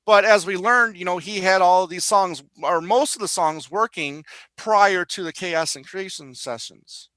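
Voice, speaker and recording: A man co-hosting a podcast, chatting in a relaxed, agreeable way. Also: sits high, measured pace, dry recording, low-quality recording. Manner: relaxed, agreeable, lots of fillers and backchannels. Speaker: podcast co-host. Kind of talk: casual chat.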